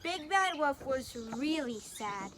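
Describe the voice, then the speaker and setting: A woman's voice: high voice, expressive, slow, background noise. A woman reading a picture book aloud, taking turns with a partner and chatting about the pictures. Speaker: storybook reader.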